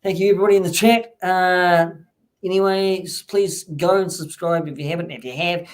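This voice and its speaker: Hosting a laid-back live-streamed chat, a man speaks at a moderate pace in a high-sitting voice with fairly even intonation. He rambles loosely, uses many fillers and restarts, and thanks the chat warmly.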